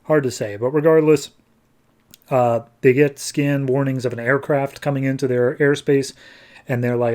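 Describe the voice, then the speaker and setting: A man's voice: medium pitch, steady tone, moderate pace, darkish tone. A man hosting a podcast, recapping a comic book in a chatty, loose way with lots of fillers. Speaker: podcast host. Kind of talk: casual comic book review.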